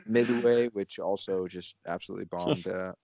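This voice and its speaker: A man co-hosting a podcast in casual chat, talking in a halting way as he searches for words. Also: low voice, creaky, darkish tone, muffled recording. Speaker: podcast co-host.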